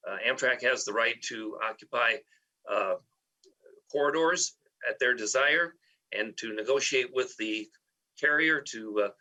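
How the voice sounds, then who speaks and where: A man testifying at a hearing, explaining the details informatively with many pauses and fillers. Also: mid-range voice, pushed and bright. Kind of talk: answering questions in a hearing. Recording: distant from the mic.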